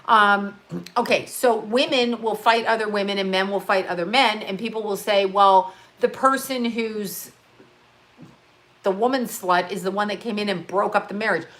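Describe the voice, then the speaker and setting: A woman's voice: mid-range voice, steady tone, normal speed, a bit bright. Female live-stream host, loose tangents, cusses freely, laughs mid-sentence. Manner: rambling, profane, jumps between topics; laughs often while talking. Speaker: livestream host. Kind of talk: casual live-stream chat. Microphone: on-camera mic.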